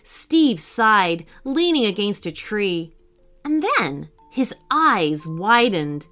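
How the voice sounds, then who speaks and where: A woman reads a children's story aloud, slow and expressive, with a bright, lively voice. Soft music plays faintly behind her. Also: medium pitch. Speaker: narrator.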